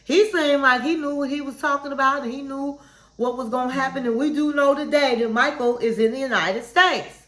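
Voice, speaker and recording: A woman's voice: high-pitched, fairly quick, a bit bright. A woman vlogger giving frank, chatty commentary on a reality show, calling her viewers "honey". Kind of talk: casual candid commentary. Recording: roomy echo.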